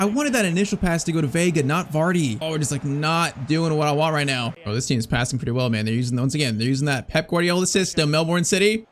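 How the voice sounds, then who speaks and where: A young man giving excitable, frustrated running commentary over his own gameplay, peppered with "bro" and "man". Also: fairly high pitch, a little hiss or hum. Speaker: gaming YouTuber.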